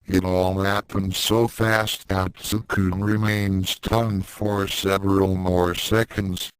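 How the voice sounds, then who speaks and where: Deep slow guy reading a story, calm and even, very dry sound. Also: smooth, dry recording, poor audio. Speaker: fan fiction reader. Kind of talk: story narration.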